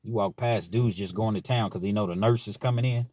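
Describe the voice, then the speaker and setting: Low-voiced man telling prison stories. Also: fairly quick, mellow. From Richmond, Kentucky, US. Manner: laid-back, frank, often ending phrases with "man". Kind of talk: casual storytelling monologue.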